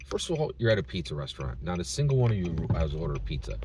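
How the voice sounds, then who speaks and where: A man with a low voice tells a story as a rant, and his pitch swings widely. He keeps checking in with "right?" and sounds like he is talking to camera. Faint ambient noise sits behind him. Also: fast. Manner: animated, tags sentences with "right?". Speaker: channel host.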